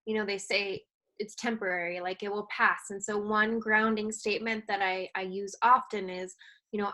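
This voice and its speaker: A woman in her thirties, a guest expert talking gently and earnestly in a casual interview about coping as a mother. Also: medium pitch, level tone, moderate pace. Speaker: guest expert on maternal mental health.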